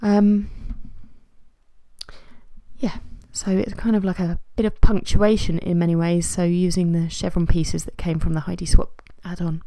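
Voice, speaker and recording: A woman casually narrating a scrapbooking layout in a chatty, self-deprecating way, with fillers and soft laughs. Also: on the low side, little pitch movement, unhurried, no room sound. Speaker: scrapbooking vlogger. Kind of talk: casual voice-over narration of a craft process.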